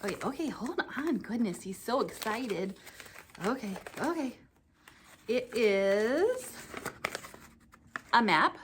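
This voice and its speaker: A woman with a fairly high voice teaches a lesson to small children at church. She talks in a bright sing-song, gasping and exclaiming as she chats with a puppy puppet. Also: expressive, slow, long pauses, noisy background.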